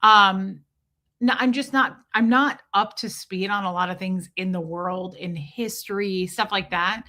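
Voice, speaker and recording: A woman with a bright, forceful voice talks casually on her livestream, rambling and restarting her sentences. She keeps breaking off to greet viewers and answer their comments. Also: medium pitch, measured pace. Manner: chatty and rambling, with frequent restarts and asides to viewers. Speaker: YouTube livestream host.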